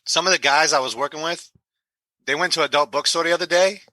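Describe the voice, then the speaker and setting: A man's voice: fairly high pitch, quick pace, sharp tone, no room sound, rough recording. A man improvising a brash, cocky lobster boat captain with a Boston accent. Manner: tough-talking, cocky. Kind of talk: improvised comedy.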